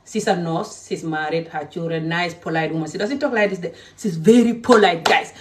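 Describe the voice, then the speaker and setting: A woman's voice: on the low side, moderate pace, darkish tone, recorded from a distance. A woman from Gambia, talking straight to camera in a passionate, scolding rant. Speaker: vlogger.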